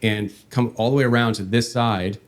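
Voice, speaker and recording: A man hosting a podcast, telling a long story in a meandering, halting way. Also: mid-range voice, steady tone. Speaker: podcast host.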